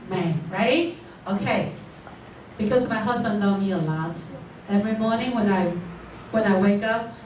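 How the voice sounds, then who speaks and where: A woman teaching a class, explaining slowly and checking whether the students follow. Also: mid-range voice, a little hiss or hum. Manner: explains slowly, checks understanding with repeated questions. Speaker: English teacher. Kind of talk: classroom lesson. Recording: echoey room, voice from far off.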